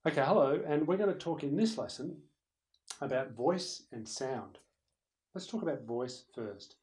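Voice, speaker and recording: A man's voice: mid-range voice, moderate pace, poor audio. A man giving a conversational lesson on presentation skills, talking directly to the viewer and to someone in the room. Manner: conversational, animated, demonstrates loud and soft voices. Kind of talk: recorded lecture. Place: room with a camera operator.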